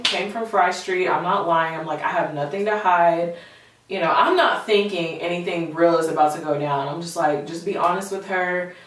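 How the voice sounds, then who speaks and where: A young woman in her twenties, telling a personal story to camera in a candid, chatty way, full of fillers. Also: lowish voice. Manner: candid, chatty, animated retelling with lots of fillers. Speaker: vlogger. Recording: very echoey room, voice far from mic.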